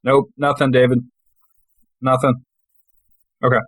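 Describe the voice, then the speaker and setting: A man's voice: mid-range voice, monotone, measured pace, fairly bright tone, no echo. A man playing a tabletop game over a video call, teasing the others and swearing often. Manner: teasing, laughing, lots of swearing. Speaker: player.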